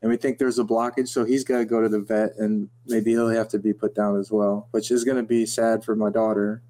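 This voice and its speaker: A man's voice: lowish voice, level tone, fairly quick, dark tone. A man co-hosting a podcast, chatting casually in a dry, matter-of-fact way. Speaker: podcast co-host. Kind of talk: casual conversational podcast chat.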